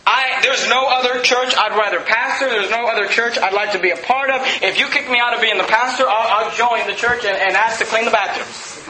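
A man's voice: very high-pitched, a little fast, roomy sound, noisy background. A man preaching a sermon as pastor of his church, impassioned and repeating phrases as he builds his points.

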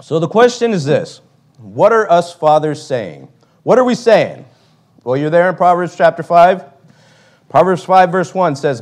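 A man's voice: high voice, big pitch swings, normal speed, darkish tone. A man preaching a sermon, emphatic, reading old-style scripture and often asking "right?".

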